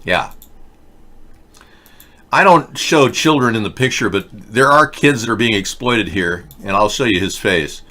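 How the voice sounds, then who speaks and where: A man's voice: on the low side, animated, measured pace, pushed and bright. Sarcastic male livestream host. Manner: sarcastic, mocking, rambling. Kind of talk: political rant on a livestream.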